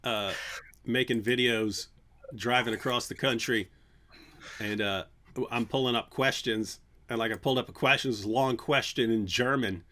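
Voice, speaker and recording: A man hosting a livestream, chatting casually in an animated, playful way and often restarting his sentences. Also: medium pitch, normal speed. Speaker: channel host.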